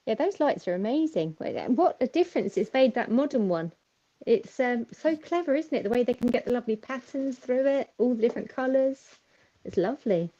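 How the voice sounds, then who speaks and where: Soft-spoken Englishwoman on a muffled call. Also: fairly high pitch, expressive, fairly quick. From England. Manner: gentle, appreciative, says "lovely" often. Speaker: caller on a livestream. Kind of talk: casual chat. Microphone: remote call audio. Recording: dull, muffled call line.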